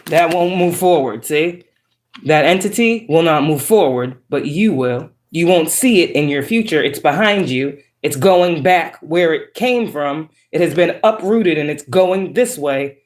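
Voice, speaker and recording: A woman's voice: lowish voice, noisy background. A woman tarot reader chatting casually to her viewers, outspoken and profane. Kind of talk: casual tarot reading chat. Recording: roomy echo.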